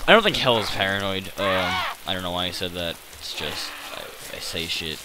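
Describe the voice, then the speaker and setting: A man's voice: deep voice, animated, brisk, heavy background noise. A man giving rambling, self-deprecating commentary over his gameplay, hesitant and full of fillers. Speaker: gaming channel host.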